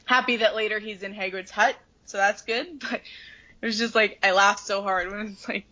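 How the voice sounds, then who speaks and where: A woman's voice: medium pitch, fairly even intonation, normal speed, bright, forceful tone, muffled recording. A woman co-hosting a podcast, chatting casually and animatedly about a book, swearing freely and acting out the characters. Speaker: podcast co-host.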